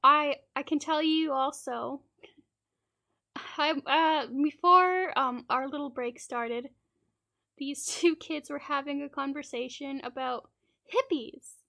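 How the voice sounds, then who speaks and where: A high-voiced woman from Canada chats casually as a streamer. Her voice has a gravelly, fry-laden edge. She rambles through anecdotes, laughing and acting out little quoted lines. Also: slow pace, sharp tone. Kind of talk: casual storytelling chat.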